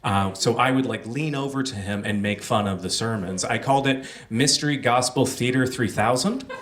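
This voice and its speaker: A young man tells a personal story to a live audience. He speaks casually, with a self-deprecating tone and frequent fillers. His voice sits at a middle pitch, and the stage mic sounds a little distant. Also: normal speed, a bit bright, slight background noise.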